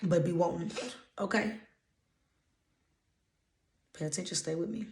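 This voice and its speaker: In an echoey room, a woman speaks a bit slowly in a lowish, somewhat mellow voice with a Louisiana accent. She's an intuitive energy reader from Louisiana whose vlog offers blunt, preachy motivational readings, delivered emphatically and sprinkled with casual swearing.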